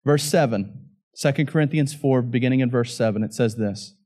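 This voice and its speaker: A man's voice: medium pitch, a little fast, mellow. A man preaching a sermon as pastor, reading scripture with rising passion and emphatic peaks.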